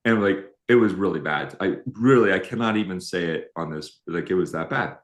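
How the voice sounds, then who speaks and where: A deep, low-pitched middle-aged man on a live relationship show, telling stories in an animated, self-deprecating way. His voice carries a roomy echo from the space around him. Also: normal speed. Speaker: relationship coach co-host. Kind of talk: live-streamed conversational talk.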